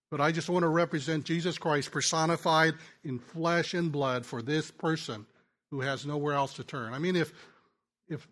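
Male pastor, sermon delivery, conversational storyteller, somewhat high-pitched, stumbles and restarts. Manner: conversational storytelling, drops soft and quiet in tender moments; frequent restarts and stammers. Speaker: pastor and ministry teacher.

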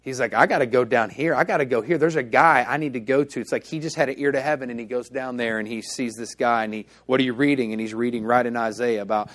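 A man's voice: medium pitch, quick pace, few pauses, fairly bright tone. A male pastor preaching a sermon in a church, telling stories in a casual, conversational way and acting out the dialogue.

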